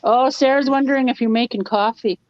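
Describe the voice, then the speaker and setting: A woman chatting as a guest in a casual live chat, playful and quick to laugh. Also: on the high side, lo-fi sound.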